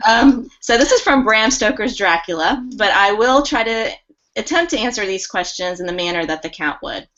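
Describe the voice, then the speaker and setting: A woman's voice: mid-range voice, expressive, normal speed, a bit bright. A woman on a casual panel with a wry manner, heard over muffled video call audio.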